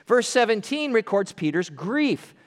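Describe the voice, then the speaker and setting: High, lively preaching man in a hall. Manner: earnest, emphatic, with slow stressed phrases and drops in volume. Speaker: pastor. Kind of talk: expository sermon. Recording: long reverb of a large hall.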